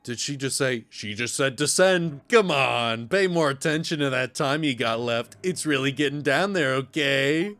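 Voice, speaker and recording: A man hosting a let's play, reacting loudly to the game and reading its dialogue aloud. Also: mid-range voice, moderate pace, few pauses, no room sound. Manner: expressive, reacts loudly, laughs often. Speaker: gaming channel host. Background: faint music.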